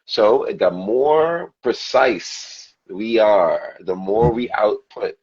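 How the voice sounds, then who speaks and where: A man with a low voice chats on a live podcast and tells animated stories. He drops into mimicked accents along the way. The sound is muffled and lo-fi. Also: extremely slow, breathy edge. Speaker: podcast host and steelpan player. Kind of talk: casual chat on an online live stream. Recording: muffled lo-fi stream audio.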